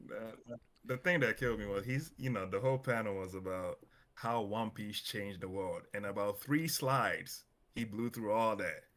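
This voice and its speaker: A man's voice: fairly low pitch, moderate pace, fairly bright tone. A man in casual chat, recounting a story in a laid-back, amused way. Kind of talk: casual chat among friends.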